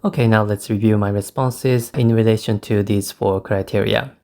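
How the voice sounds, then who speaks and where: A Japanese man, speaking English as a second language, teaching exam speaking skills with slow, careful repetition. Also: fairly low pitch, fairly even intonation, vocal fry, darkish tone. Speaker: English test tutor. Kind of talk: spoken-English lesson with sample answers.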